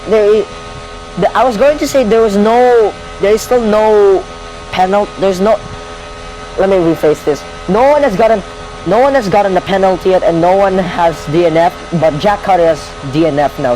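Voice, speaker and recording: A young man commentating a video game race live, rambling and correcting himself, getting excitable when cars crash out. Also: high voice, poor audio.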